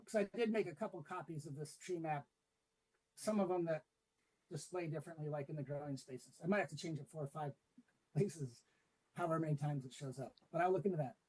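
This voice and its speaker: Man, city staff presenter, relaxed and explanatory with fillers; slightly raised pitch, breathy edge. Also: fairly quick, poor audio. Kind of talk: meeting presentation. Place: public meeting room with remote attendees.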